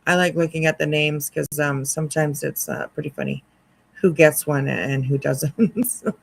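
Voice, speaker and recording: A commentary host talking wryly over a livestream, hesitant with many pauses and restarts. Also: medium pitch, gravelly, husky, poor audio.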